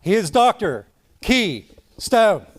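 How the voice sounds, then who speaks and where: A man's voice: sits high, very animated, takes it slowly. A man interviewing wrestlers on a wrestling show, giving announcer-style introductions. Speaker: backstage interviewer.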